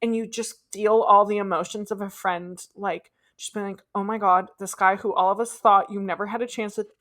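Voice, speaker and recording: A woman's voice: mid-range voice, fairly even intonation, a bit bright. Gushing, enthusiastic woman co-host. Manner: enthusiastic, gushing, quick affirmations. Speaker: podcast co-host. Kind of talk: casual recap chat.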